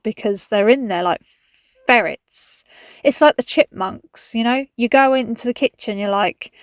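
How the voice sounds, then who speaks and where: With no room sound and a clean studio quality, a mid-range female voice chats through a cupboard clean. The speaker is a cleaning vlogger from England in her thirties, English-accented, frank, and casually swearing as she goes.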